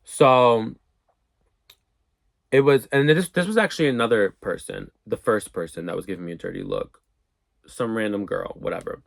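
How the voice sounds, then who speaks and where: Animated young man telling a storytime. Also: fairly low pitch, normal speed, vocal fry, long pauses, no room sound. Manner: animated, profane, acts out quotes. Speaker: storyteller vlogger. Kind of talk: casual storytime monologue.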